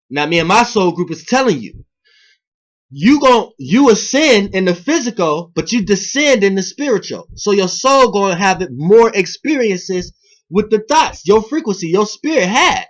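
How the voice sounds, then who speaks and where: With big swings in pitch and a moderate pace, a male video blogger rambles through a spiritual monologue for his viewers, swearing along the way and moving between loud, emphatic outbursts and low muttering.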